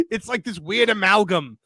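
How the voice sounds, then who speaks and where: A man raised in the UK, co-hosting a podcast chat, excitable and quick to laugh, often stumbling over his opening words. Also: high-pitched, gravelly, no echo. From United Kingdom. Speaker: podcast co-host.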